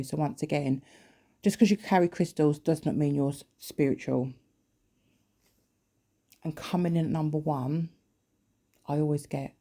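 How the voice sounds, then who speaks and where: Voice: medium pitch, steady tone, normal speed, mellow. A vlogger who gives a casual countdown rant, sounding sarcastic and exasperated and mimicking other people in quoted asides.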